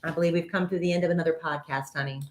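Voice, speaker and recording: A woman's voice: sits low, fairly even intonation, racing, slight background noise. A woman co-hosting a podcast in casual chat, teasing her co-host with dry humor. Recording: echoey room.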